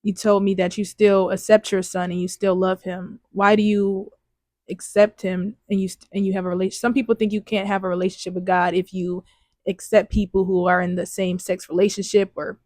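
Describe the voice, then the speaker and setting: A woman hosts a podcast and poses questions to her guest, pausing often and filling gaps with small hesitations. Her voice stays level with little rise and fall, and the sound is dry. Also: medium pitch, little pitch movement, a little mellow, no echo. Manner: hesitant, halting with fillers. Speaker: podcast host. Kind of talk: interview questions.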